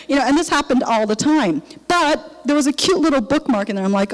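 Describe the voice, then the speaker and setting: Older woman telling a lively church testimony. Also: on the high side, quick pace. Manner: animated storytelling, acts out quoted dialogue. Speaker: missionary speaker. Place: church sanctuary. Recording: long reverb of a church hall.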